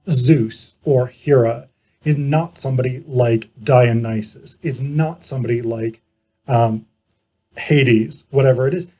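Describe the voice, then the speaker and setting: A man giving an informal philosophy lecture. He explains in a measured way, pausing often and correcting himself as he goes. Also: mid-range voice, dark tone, slightly rough. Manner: measured explaining, frequent pauses and self-corrections.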